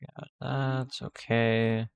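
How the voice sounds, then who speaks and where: A man's voice: medium pitch, flat delivery, drawn-out words, vocal fry, smooth. A man giving casual gameplay commentary, rambling and restarting sentences with many fillers. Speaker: gaming video creator.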